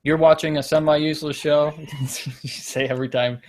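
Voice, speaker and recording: A man's voice: fairly high pitch, flat delivery, normal speed. A man hosting a casual comedy show, rambling through jokey stories and often losing track of his point. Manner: rambling, self-deprecating, loses his point. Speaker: podcast host.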